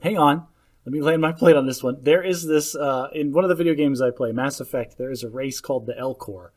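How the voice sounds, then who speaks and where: A man's voice: mid-range voice, a little fast, a little mellow. A man co-hosting a podcast in casual chat, blunt and wry. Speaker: podcast co-host.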